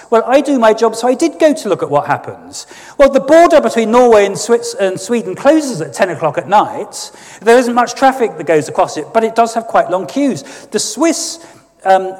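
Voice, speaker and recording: A man delivers a sardonic, emphatic political speech. His voice sits high and swings widely in pitch. A long reverb from the church trails behind his words. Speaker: guest speaker.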